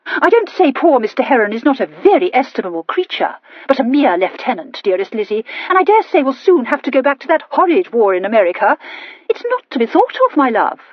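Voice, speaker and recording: A loud, tart society wife gushes and gossips, as a woman reads her, her voice pitched high and husky. She swoops through her lines with open relish. The recording is dull and close. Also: big pitch swings, a little fast, no room sound. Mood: gushing. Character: tart, gossipy worldly young married woman.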